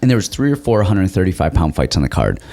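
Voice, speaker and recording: A man with a fairly low voice chats casually on a podcast. He tells rambling, self-deprecating stories from his fighting days and laughs often along the way. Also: big pitch swings, fast talker, gravelly, a little mellow. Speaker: podcast host and former fighter. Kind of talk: casual chat.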